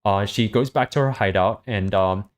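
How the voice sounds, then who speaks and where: A man reading a story aloud and summarizing it in a relaxed way, with lots of fillers. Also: lowish voice, normal speed. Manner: relaxed, hesitant with many fillers. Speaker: host reading a web serial aloud.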